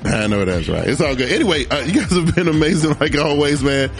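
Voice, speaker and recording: A man's voice: a little high, lively intonation, a little fast. A man co-hosting a casual podcast, joking and laughing a lot, often repeating words as he talks. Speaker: podcast co-host. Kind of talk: casual banter.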